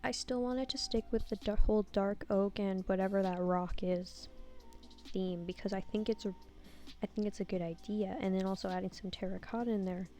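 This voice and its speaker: A woman with a medium-pitched, dark-toned voice gives casual voiceover commentary on a game build she made herself. She rambles, pokes fun at herself and shows a sarcastic streak.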